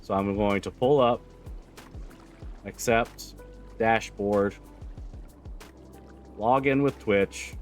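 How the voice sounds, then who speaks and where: A man streaming a roleplay game, chatting casually with viewers, relaxed and joking, swearing freely. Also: on the low side, very slow, pauses often, soft background music. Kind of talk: casual livestream chat.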